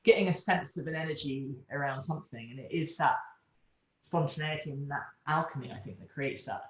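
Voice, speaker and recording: A man's voice: a little high, a little fast, a bit bright, reverberant, poor audio. A man interviewing, thoughtfully summing up what he has heard. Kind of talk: conversational interview.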